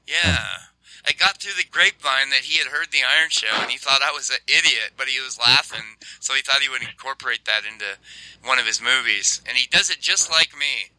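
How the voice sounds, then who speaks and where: A man's voice: mid-range voice, fairly quick, pushed and bright, poor audio. An American man hosting a casual chat, bantering and laughing often. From United States. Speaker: show host.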